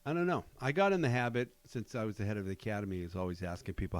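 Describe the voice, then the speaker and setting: A man hosting a podcast, chatting casually with measured, dry humor. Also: fairly low pitch, sing-song, no echo. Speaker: podcast host.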